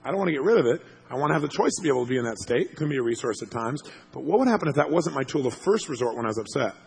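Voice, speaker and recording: A man telling a story to an audience as a motivational speaker, animated and laughing as he acts out what people said. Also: mid-range voice, racing, vocal fry, slightly rough.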